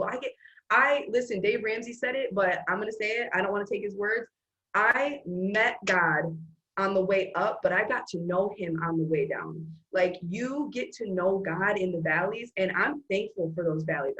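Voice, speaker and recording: A woman's voice: mid-range voice, a bit bright, highs cut off. A woman hosting an earnest, emphatic motivational faith talk. She rambles with restarts. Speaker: host.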